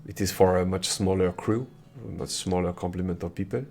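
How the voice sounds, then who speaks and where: A man's voice: low voice, fairly even intonation, fairly quick, creaky, a little mellow, soft background music. A man playing a gracious, courtly prince. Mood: courteous. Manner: courtly, polite, sprinkles in French words. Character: gracious, charming young male prince.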